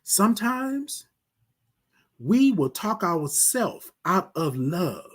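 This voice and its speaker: A husky man leans into a preacherly morning pep talk, his voice lifting high and sweeping wide before sinking to hushed refrains. He keeps calling his listeners "y'all" and circling back on the same phrases. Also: big pitch swings, drawn-out words. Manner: preacherly, repeats phrases, drops to near whisper on refrains. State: emotional. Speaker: host.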